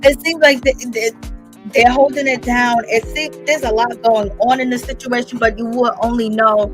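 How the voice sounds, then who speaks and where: Over background music, a woman with a higher voice recaps a reality show for her call-in commentary channel at a normal speed and with fairly even intonation. She's casual and chatty, fills her speech with fillers, and talks right to her viewers.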